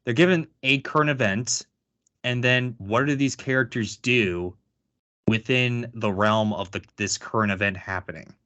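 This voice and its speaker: A man talks through his opinions in a loose, rambling podcast chat, piling up fillers and restarts. His voice sits at an ordinary middle pitch. The sound is dry and close, with no room around it. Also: normal speed, no echo, muffled recording. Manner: rambling, filler-heavy, animated asides. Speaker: podcast co-host. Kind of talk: casual chat.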